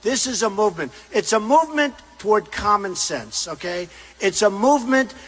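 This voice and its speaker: An older man delivers a campaign rally speech on a stage microphone in a large arena. His voice is fairly high and sharply bright, and he pushes it into shouts. His phrases are short, repeated and emphatic. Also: expressive, normal speed. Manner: repetitive, emphatic, often shouting to a crowd. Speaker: political candidate at a rally.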